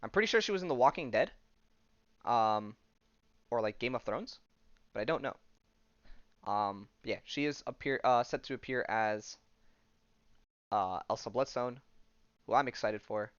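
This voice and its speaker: A podcast host with a mid-range, expressive voice gives a casual, rambling recap of a comic at a moderate pace, pausing often and leaning heavily on "like" and "um." He paraphrases the dialogue loosely. The recording is lo-fi with no echo.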